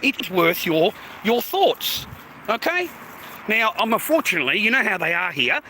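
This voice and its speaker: A man's voice: high-pitched, sing-song, normal speed, bright, forceful tone, a little hiss or hum. A man in his fifties with an Australian accent, livestreaming a blunt, profane rant on a city street and calling listeners "mate". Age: 50s.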